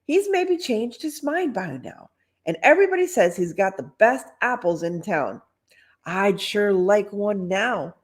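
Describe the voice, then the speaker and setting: A woman's voice: mid-range voice, big pitch swings, a little slow, voice pushed up. A woman voicing a bold, pushy girl in a Halloween costume, eager and airy.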